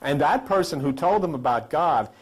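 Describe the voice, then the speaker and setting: A man hosting a talk show, talking casually to a studio audience and telling animated stories with laughing asides. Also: fairly high pitch, moderate pace, breathy edge. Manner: animated storyteller, acts out voices with laughing asides. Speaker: host.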